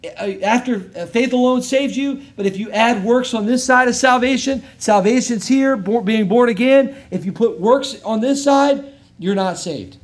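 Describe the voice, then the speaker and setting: At a church service, an American pastor with a very high-pitched voice preaches emphatically, swinging between loud and quiet. He reads scripture in a measured cadence.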